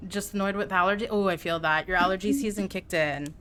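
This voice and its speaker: A woman streaming a game live, chatting excitably with her viewers as she plays. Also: medium pitch, fairly quick, smooth. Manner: excitable, chatty, talks to chat. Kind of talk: live gameplay commentary.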